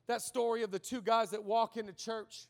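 Male pastor, high tenor, fervent live preaching, swings from hushed to shouting. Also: flat delivery, moderate pace. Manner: impassioned, rising to shouted call-and-response.

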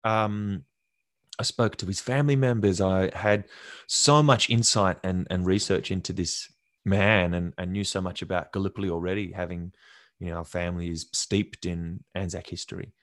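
A man's voice: sits low, normal speed, no echo, clean studio sound. A young man, an actor being interviewed, telling stories casually and acting out what others said. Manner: animated, acts out quotes from others. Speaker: actor guest.

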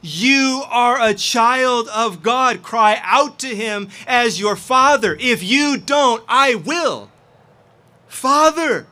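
A man's voice: very high voice, lively intonation, slow, hardly any pauses, pushed and bright. A man preaching a sermon as pastor, earnest and impassioned.

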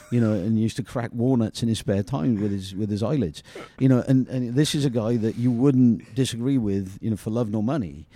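A man's voice: lowish voice, mellow, no room sound. A middle-aged man telling long anecdotes as an interview guest, padding his talk with "you know" at every turn. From Britain. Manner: rambling, fills every pause with "you know". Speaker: guest, former soccer player. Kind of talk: storytelling interview.

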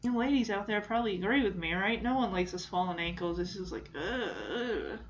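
A woman's voice: mid-range voice, lively intonation, normal speed, highs cut off. Gushing woman recapping a sitcom. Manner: gushing, enthusiastic. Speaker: show recap host. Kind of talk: casual episode recap.

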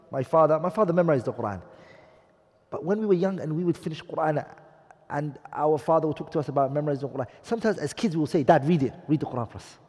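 Male religious teacher, husky and fairly high, heard in a reverberant hall. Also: mellow. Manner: questions the audience, mixes Arabic phrases. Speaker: Islamic studies teacher. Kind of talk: religious class lecture.

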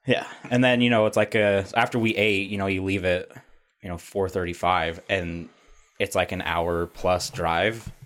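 A man's voice: low-pitched, fairly even intonation, moderate pace, a bit bright. A young adult man hosting a casual podcast chat, telling long rambling stories with plenty of swearing. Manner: rambling storyteller, swears freely. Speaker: podcast host.

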